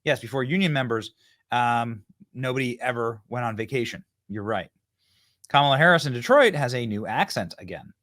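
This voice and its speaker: A male host of a political commentary show. He sounds mocking and sarcastic, and his pitch jumps around lively while he fills pauses with "uh". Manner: mocking, sarcastic, with frequent fillers.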